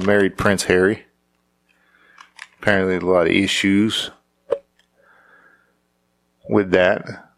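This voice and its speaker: A man's voice: low-pitched, fairly bright tone. A married man riffing in a casual, sarcastic, rambling monologue, often restarting his sentences. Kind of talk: casual comedic commentary.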